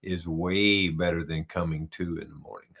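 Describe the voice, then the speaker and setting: Easygoing male podcast host, low voice, short affirming replies. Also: fairly even intonation, moderate pace, fairly bright tone. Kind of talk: conversational interview.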